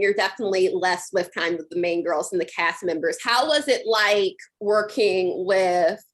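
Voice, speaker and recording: Young woman interviewer, upbeat questions. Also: mid-range voice. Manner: upbeat, filler-laden, "like" and "kind of".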